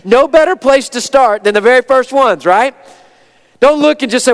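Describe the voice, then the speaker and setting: A man preaching a sermon as pastor, with an energetic, folksy delivery and quick asides to the congregation. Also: very high-pitched. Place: church sanctuary. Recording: long reverb of a church sanctuary.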